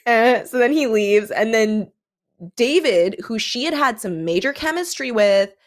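A woman co-hosting a casual talk, retelling a story in a lively, chatty way. She scatters "like" through her sentences and drops into quick voiced asides. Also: on the high side. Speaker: podcast co-host. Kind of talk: casual chat recapping a book.

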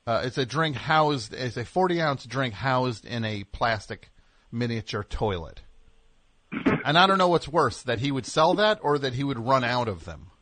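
A man's voice: medium pitch, animated, moderate pace, fairly bright tone, slight background noise. A man hosting a comedic radio call-in show, sarcastic and mock-scolding with callers, rambling through fillers. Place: radio studio.

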